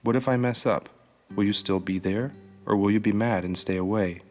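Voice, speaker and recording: A timid, wide-eyed little soul, as a man puts it on in a children's storybook reading. The voice sits a touch higher than a low male register and asks everything with earnest worry. Faint guitar plays softly behind. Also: moderate pace, close to an everyday voice. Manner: earnest and questioning. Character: small, anxious, wide-eyed young soul.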